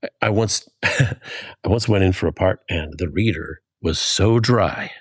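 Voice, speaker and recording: A man's voice: low voice, unhurried, husky, no echo, studio quality. A man in his fifties co-hosting a podcast, telling stories in a casual chat and acting out the lines he quotes. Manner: animated storytelling, acts out quoted lines. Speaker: podcast co-host.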